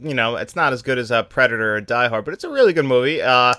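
A man co-hosting a casual movie podcast, chatty and quick to laugh. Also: mid-range voice, expressive, sharp tone. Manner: chatty, laughs often, trails off. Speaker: podcast co-host. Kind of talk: casual film review chat.

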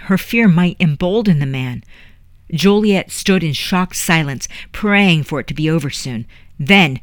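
A narrator reads a historical story in a measured, dramatic way, pitched mid-range. The recording is dry and close, with no room sound. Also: no echo. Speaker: audiobook narrator. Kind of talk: scripted narration.

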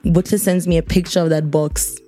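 A woman's voice: fairly low pitch, fairly quick, soft background music. A young woman from Botswana, telling a story as a podcast guest and acting out the voices of the people in it. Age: young adult. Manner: lively, acts out voices of people in her story. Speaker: podcast guest, fashion designer.

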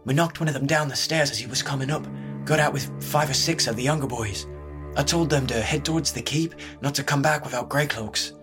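A man doing a gruff, worried stocky boy. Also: mid-range voice, over music, pitched above the performer's own voice, natural voice. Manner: muttered, hurried reports.

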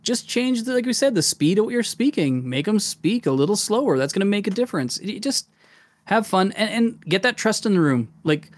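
A man's voice: sits high, big pitch swings, a little fast, no echo. A man co-hosting a casual podcast chat about tabletop gaming, talking with enthusiasm and rambling through many restarts. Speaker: podcast co-host.

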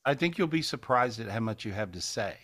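Speaking fairly quickly with lively intonation in a mid-range voice, a man runs a relaxed live call-in session for spiritual healing by video call. His manner is warm and homespun, full of repeated phrases and frequent laughter.

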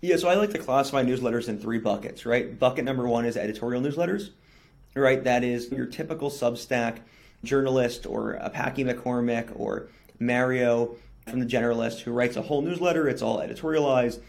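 A man's voice: medium pitch, brisk, creaky, a little mellow. A young man, a company founder, giving fluent, businesslike answers in a podcast interview and often adding "right?". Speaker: newsletter company CEO, guest.

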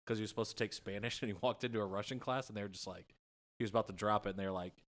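A man's voice: on the low side, fairly even intonation, quick pace. A young man in casual chat among friends, telling a long rambling story full of fillers.

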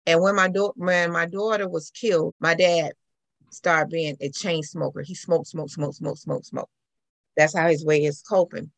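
Woman with a low gravelly voice. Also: normal speed, dry recording. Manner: animated storyteller, acts out quoted voices. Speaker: interview guest. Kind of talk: personal account in conversation.

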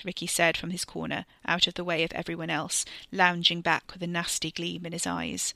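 A woman reading a serialized story aloud with expressive, tense narration. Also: fairly low pitch, brisk, creaky, hardly any pauses, dry recording. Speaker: reader.

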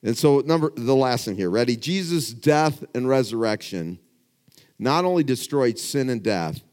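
A middle-aged man preaching a sermon to a congregation, swinging from hushed, quiet lines to rising, emphatic questions. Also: mid-range voice, lively intonation, normal speed. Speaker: pastor. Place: church before a congregation.

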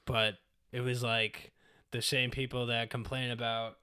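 A young man co-hosting a podcast, talking in a slow, hesitant way with short agreeing replies. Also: medium pitch, flat delivery, pushed and bright, clean tone. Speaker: podcast co-host. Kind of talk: casual chat.

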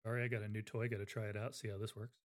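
A man's voice: on the low side, little pitch movement, rapid-fire. A man hosting a casual livestream book interview, chatty and rambling with fillers. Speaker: interview host.

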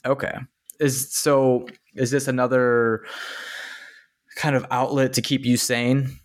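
A man's voice: medium pitch, little pitch movement, slow, no echo, clean studio sound. A man hosting a podcast interview, throwing in short reactions and laughing often. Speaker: podcast host. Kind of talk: casual interview chat.

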